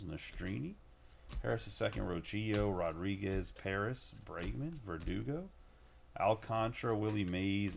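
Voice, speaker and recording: A man's voice: low-pitched, vocal fry, slight background noise. A man hosting a live card break, rattling off player names with joking asides in casual stream chat.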